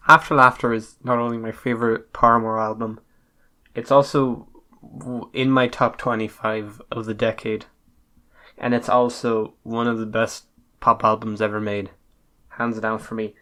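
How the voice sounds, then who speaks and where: A man's voice: lowish voice, little pitch movement, moderate pace, bright, forceful tone. A man co-hosting a casual podcast chat, gushing and swearing freely. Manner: enthusiastic, swears a lot. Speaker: podcast co-host.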